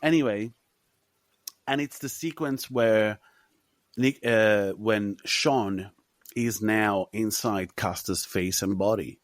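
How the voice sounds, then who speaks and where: A man's voice: lowish voice, slow pace, dry recording. A man co-hosting a film podcast, talking animatedly with lots of swearing and laughter. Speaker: podcast co-host. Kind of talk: casual film chat.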